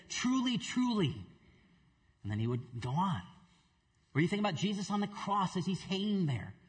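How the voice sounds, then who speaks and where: A man's voice: high-pitched, long reverb tail. A middle-aged man preaching as a pastor, earnest, repeating words for emphasis and putting questions to the congregation. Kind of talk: sermon with opening prayer. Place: church sanctuary.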